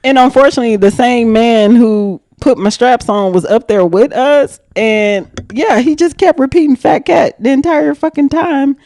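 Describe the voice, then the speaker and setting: A young woman recounts a story on a podcast with loud, profane enthusiasm, laughing as she goes. Her voice sits a little high for a woman. The recording is dry, with almost no room sound. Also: moderate pace, hardly any pauses, no echo. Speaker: podcast guest. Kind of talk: casual storytelling.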